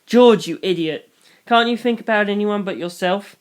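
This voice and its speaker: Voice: normal speed, clean tone, lightly acted. A reader voicing a scared, stubborn eleven-year-old girl who pleads through sobbing tears, in a fan reading of a novel. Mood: upset. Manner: sobbing, pleading, rising high. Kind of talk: audiobook reading.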